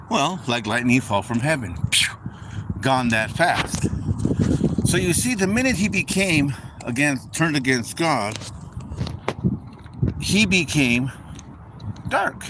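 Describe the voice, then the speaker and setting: A male preacher talks through a relaxed, informal sermon, circling back over his phrases and calling his listeners folks. He takes his time, and his pitch rises and falls with lively expression. A constant hum of background noise sits under the recording. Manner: conversational, repeats phrases, addresses listeners as folks.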